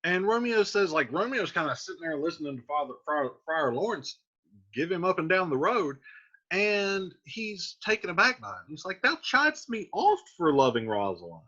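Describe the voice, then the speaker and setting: A man's voice: high-pitched, expressive, normal speed, bright, forceful tone. A male teacher explaining a play line by line, reading verse aloud and then paraphrasing it casually. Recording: dull lo-fi recording.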